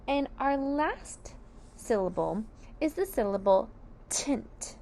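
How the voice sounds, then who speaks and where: A woman teacher slowly sounding out sight words, syllable by syllable, for young children. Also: sits high, lively intonation, warm tone. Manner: clear, deliberate sounding out of each letter. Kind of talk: slow phonics lesson.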